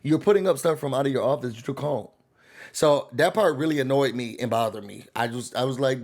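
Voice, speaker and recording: A man hosting a reality TV recap, talking in a sassy, animated way as he riffs on the cast. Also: medium pitch, a little fast. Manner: sassy, animated, quotes cast members in voices. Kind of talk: casual commentary.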